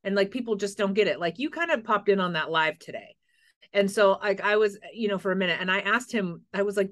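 This is a woman from the United States in casual conversation, who talks frankly and vividly. She often slips into little acted-out quotes as she tells a story. Her pitch sits in a middling range for a woman. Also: brisk, a bit bright. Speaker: podcast host. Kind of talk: casual chat.

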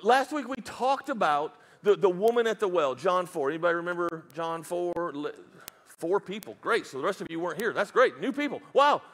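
A man's voice: sits high, animated, a little fast, a bit bright. A man preaching a sermon as pastor, telling a Bible story with jokes, asides and put-on voices.

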